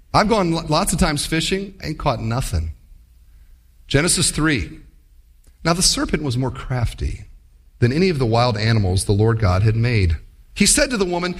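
A man preaching a sermon, telling stories and acting out voices along the way. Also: on the high side. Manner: animated storytelling with acted-out voices. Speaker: pastor.

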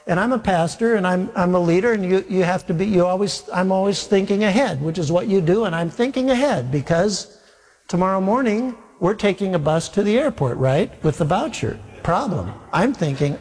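A male pastor telling a wry, animated story during a sermon. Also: high voice, normal speed, long reverb tail. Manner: animated, wry anecdotal delivery.

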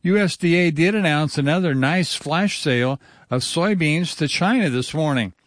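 A man reading a radio farm market report, rattling off grain and livestock prices in a brisk, even delivery. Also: fairly high pitch, no echo, clean studio sound. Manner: brisk, number-heavy delivery.

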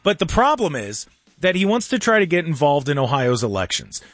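A man hosting a casual political talk radio show in a studio, animated and mocking, with jokey asides. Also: a little high, a little fast, no room sound.

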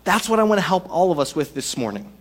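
A man's voice: high-pitched, big pitch swings, fast, breathy edge. A male pastor giving a sermon in a casual, joking way, using everyday analogies. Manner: conversational, jokey preaching with analogies.

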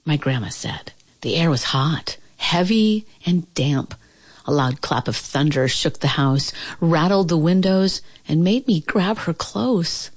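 Low, husky woman reading a picture book. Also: measured pace, dry recording. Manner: expressive, lilting storytelling. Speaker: storybook reader. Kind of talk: children's picture book read-aloud.

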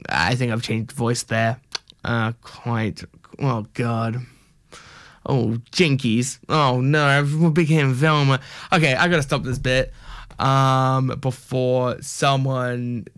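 A man's voice: medium pitch, gravelly, fairly bright tone. A young man hosting a stream, chatting casually in a joking, rambling, self-mocking way. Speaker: stream host.

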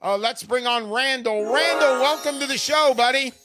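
An older man hosting a radio talk show, pitching in a brash, salesman-like way with rhyming quips. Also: moderate pace, music in the background. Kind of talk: gold investment talk radio.

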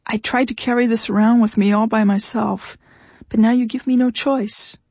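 A woman's voice: a little high, fairly even intonation, normal speed, a little mellow, breathy edge, no room sound. A woman voicing a desperate, pushy husband who pleads and insists, his voice cracking, in an audiobook reading. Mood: pleading. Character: desperate, pushy, tearful husband, grown man.

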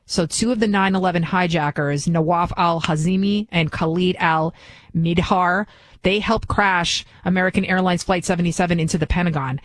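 A woman's voice: lowish voice, steady tone, moderate pace, no room sound, rough recording. A woman hosting a political commentary show, delivering an opinionated monologue full of rhetorical questions and restarts.

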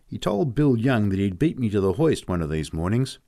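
A blunt, short-spoken cart driver from a storybook, impatient to get going, as a man reads him. His voice sits deep, yet it moves lively up and down. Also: brisk. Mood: gruff.

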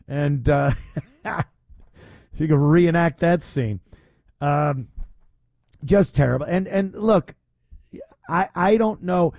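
Male radio host, blunt, indignant, rambling; mellow, dry studio sound. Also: fairly high pitch, slow, no room sound. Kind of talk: opinionated radio talk.

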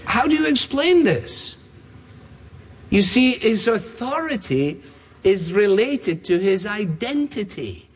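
A man preaching a sermon in a large church, his voice pitched high and somewhat husky. He drives his points home emphatically, stacking one repeated phrase on another. A long reverb trails behind every line.

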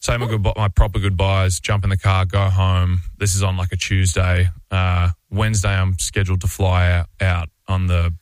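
Australian male athlete as radio guest, deep monotone, dry studio sound, rambling yarn. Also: normal speed, few pauses, smooth, no echo. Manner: rambling, loose, with frequent "like" and restarts. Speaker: professional basketball player, radio guest. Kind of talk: casual storytelling anecdote.

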